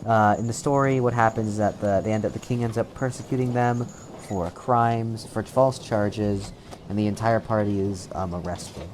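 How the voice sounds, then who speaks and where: A man's voice: fairly low pitch, steady tone, normal speed, darkish tone, a little hiss or hum. A man narrating a tabletop game as game master, laid-back, with many fillers and restarts.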